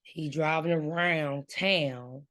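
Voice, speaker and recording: A woman's voice: low-pitched, slow, fairly bright tone. A woman co-hosting a casual book discussion, reacting expressively and acting out the characters' lines. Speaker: book review co-host.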